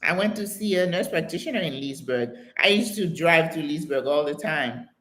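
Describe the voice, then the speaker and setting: A woman's voice: low-pitched, moderate pace, slight background noise. Chatty older woman in an echoey room. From United States. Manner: chatty, animated storytelling with exclamations and laughter. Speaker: host of a live Q&A stream. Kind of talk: casual live-stream chat answering viewer comments.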